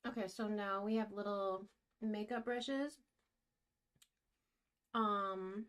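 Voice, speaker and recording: A young woman vlogging as she paints, talking in a giddy, gushing, excitable way. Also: medium pitch, slow pace, pauses often. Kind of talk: casual vlog talk to camera.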